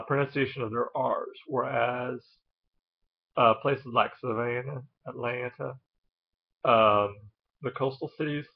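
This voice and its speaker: Brief: casual male video host, hesitant and filler-heavy, mid-pitched, muffled lo-fi recording. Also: gravelly, husky. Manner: hesitant, many ums and uhs. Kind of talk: casual explainer talk.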